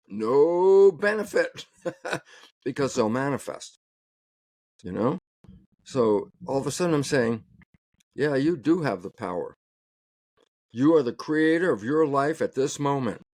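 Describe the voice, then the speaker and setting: A man's voice: mid-range voice, a little mellow, dry recording, studio quality. A man speaking as an interview guest and biologist, talking emphatically and often laughing mid-sentence. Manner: emphatic, acts out both sides of dialogues. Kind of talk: animated conversational interview talk.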